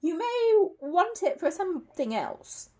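A woman's voice: very high-pitched, very animated, slow pace, a little mellow, pitched above the performer's own voice, heavily acted. A woman voicing a polite, anxious young male bear who speaks hesitantly and earnestly.

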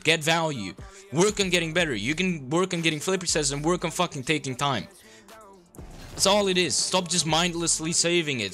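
A man's voice: a little high, bright, forceful tone. A young man coaching a player through a game replay, blunt, sarcastic and full of swearing.

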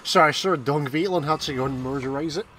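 A man's voice: fairly high pitch, rapid-fire, fairly bright tone, slight background noise. A man trading jokes and swearing freely while playing a co-op game on stream. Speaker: co-op gamer on stream. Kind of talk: casual gaming banter.

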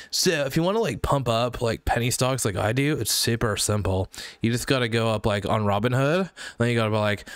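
A man performing a satirical comedy monologue in a mock Valley Girl voice, giggly and rambling, breaking into high squeals. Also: smooth, dry recording, studio quality. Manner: high squeals between sentences. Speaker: YouTuber.

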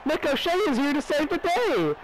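A teenage young man playing a soccer video game, shouting boastful trash talk. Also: very high voice, big pitch swings, moderate pace, background noise. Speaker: gamer. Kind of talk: casual gaming banter.

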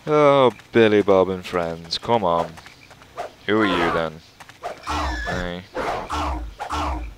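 Over background noise, a low-voiced man hosts a let's play of a horror video game. His gameplay commentary is sarcastic and profane, sprinkled with joking asides.

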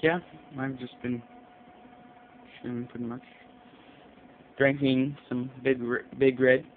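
In a casual bedroom vlog, a man rambles and jumps around, swearing constantly. His mid-range voice moves little in pitch and he speaks slowly. The audio is tinny and lo-fi, with a faint hiss.

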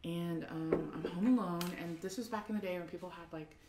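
A young adult woman, an artist guest, telling a story in an excitable, rambling way with frequent laughter and fillers. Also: lowish voice, brisk, very noisy. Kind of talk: animated storytelling. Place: art studio. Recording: roomy, distant mic, faint ambience.

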